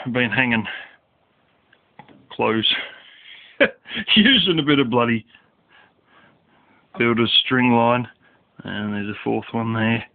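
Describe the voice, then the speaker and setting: A vlogger rambles casually outdoors at night, swearing and leaning heavily on fillers. His medium-pitched male voice comes through a dry, phone-like lo-fi recording.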